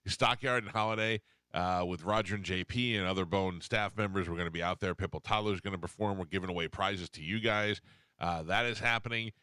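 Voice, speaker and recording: A man's voice: deep voice, steady tone, bright, forceful tone, dry recording. A man hosting a morning radio show, telling loose stories in casual chat. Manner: loose storytelling, quick asides.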